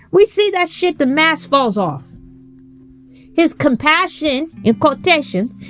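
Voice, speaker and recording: A woman hosting a casual commentary on a show, blunt, profane and heated as she talks. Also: high-pitched. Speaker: host.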